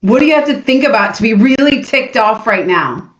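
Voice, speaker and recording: A woman coach giving a live motivational workshop to an audience in a room, energetic and coaxing people to join in. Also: a little high, fairly quick. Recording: echoey room, dull lo-fi sound.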